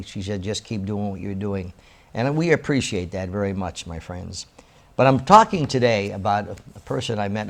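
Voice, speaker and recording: An older man hosting a local TV show, chatting casually and then reading book passages aloud with rising emphasis. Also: on the low side.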